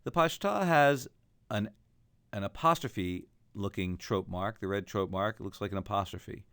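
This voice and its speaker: A man's voice: fairly low pitch, unhurried, a bit bright, no echo. A man teaching a recorded lesson on chanting Torah trope, explaining each mark and then singing the examples.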